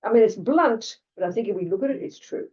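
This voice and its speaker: A woman's voice: on the high side, animated, quick pace, a little mellow. An older Australian woman giving a Buddhist dharma talk in a blunt, conversational way, full of asides to her listeners. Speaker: Buddhist teacher. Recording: lo-fi, distant mic.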